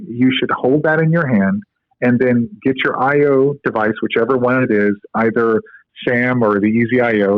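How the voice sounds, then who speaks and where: A mid-range male voice with no echo comes through a tinny, phone-like, dry line. He's a podcast guest and co-inventor of a medical device, walking through medical technique step by step and telling stories full of filler words during the interview.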